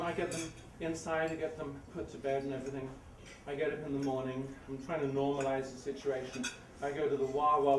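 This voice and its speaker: A middle-aged man with an English accent tells an animated story at a live story slam, growing louder as it builds. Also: on the high side. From England. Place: live event venue before an audience. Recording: roomy, distant, noisy live room.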